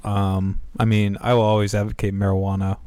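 A man's voice: on the low side, little pitch movement, fairly quick, warm tone, clear, resonant tone, dry recording. A man hosting a podcast, easygoing and swearing casually. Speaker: podcast host.

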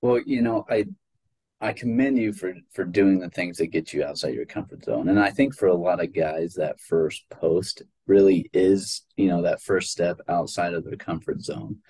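Husky, deep-voiced podcast co-host. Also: male voice, moderate pace, dark tone. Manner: encouraging, hesitant with fillers. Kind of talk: casual chat.

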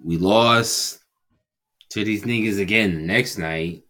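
A man co-hosting a podcast in casual banter, cursing freely, with loud exclamations and frequent laughs. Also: fairly low pitch, takes it slowly. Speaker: podcast co-host.

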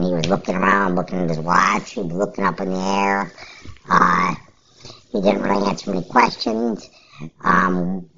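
Gravelly, husky woman rambling about fight picks. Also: very deep voice, a bit bright, dull audio. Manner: rambling, blunt, offhand and profane. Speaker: podcast host. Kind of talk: casual fantasy sports picks commentary.

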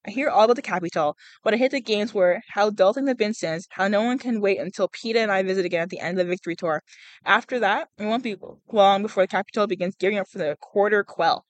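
A woman's voice: medium pitch, fast, no room sound, rough recording. A young woman hosting a casual podcast, reading a book aloud and chatting, often tripping over words and laughing, on a cheap small mic outdoors. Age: young adult. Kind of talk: casual read-aloud with chat. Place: outdoors in a public spot. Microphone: cheap small microphone.

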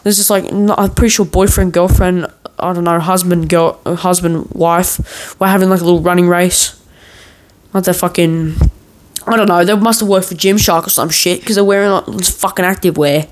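A man's voice: high-pitched, fairly even intonation, normal speed, rough recording. Aussie bloke rambling on his podcast, swears a ton, jokes around, keeps restarting sentences. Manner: profane, joking, meandering, with many restarts. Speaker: podcast host. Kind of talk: rambling casual storytelling.

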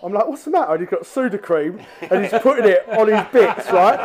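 A man telling animated, laughing stories as a guest angler at a live talk on stage. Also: high-pitched, fairly quick, few pauses.

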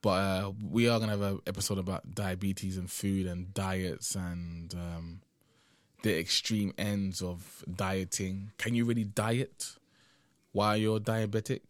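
Young guy hosting his own podcast, kinda low voice, tired and drowsy, rambly, says "man" a lot. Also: little pitch movement, measured pace, no echo. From United Kingdom. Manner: rambling and conversational, often tagging "man". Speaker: podcast host. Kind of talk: casual solo podcast monologue.

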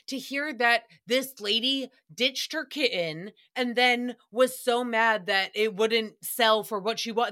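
A young woman hosting a podcast, recapping gossip in a casual, animated way, laughing often and swearing freely. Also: fairly high pitch. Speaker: podcast host.

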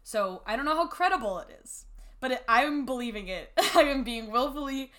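A young woman with a bright, forward voice talks casually as a podcast host. She is blunt and swears freely. She laughs often and reads messages aloud in mocking tones. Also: sits high, expressive, normal speed. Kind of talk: casual chat.

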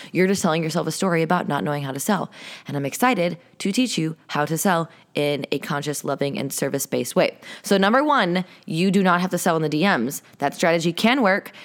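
Young woman podcast host, low voice, chatty and upbeat, coachy vibe. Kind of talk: casual solo podcast monologue.

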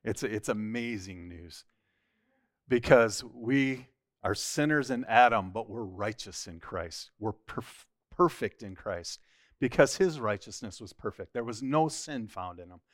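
A man's voice: lowish voice, expressive, unhurried, dry recording, studio quality. A man teaching a church Bible study, reading scripture aloud and then explaining it earnestly, often restarting a phrase.

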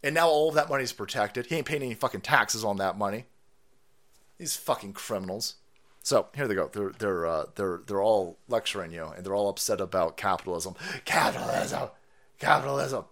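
A man's voice: fairly low pitch, fairly quick, fairly bright tone. A man hosting a stream, ranting with heavy swearing and sarcastic mockery of the clips he plays. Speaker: streamer host. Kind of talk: profane political rant stream. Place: California.

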